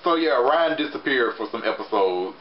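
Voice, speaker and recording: A man's voice: mid-range voice, moderate pace. Chatty young man reviewing a show. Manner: chatty, animated, lots of fillers. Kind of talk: casual review vlog. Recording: roomy, slightly muffled recording with faint hiss.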